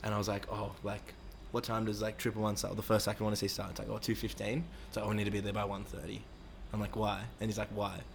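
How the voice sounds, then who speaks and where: A young man rattles through a rambling story at a fast clip, acting out the voices of the people he quotes. His voice sits fairly low and his talk is loose and full of swearing. Faint noise sits under the recording. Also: completely flat delivery, creaky. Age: young adult. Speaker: interviewee. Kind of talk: casual storytelling with heavy swearing.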